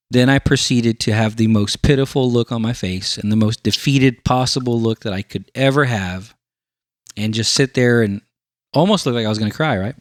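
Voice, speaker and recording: A podcast host tells a long story in casual chat, animatedly acting out the voices of the people in it. He speaks at medium pitch and normal speed, in a dry, studio-quality recording.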